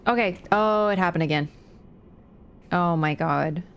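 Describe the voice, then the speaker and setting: A woman's voice: fairly low pitch, unhurried, gravelly, smooth. Chatty woman game streamer, casual swearing. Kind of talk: casual livestream chat.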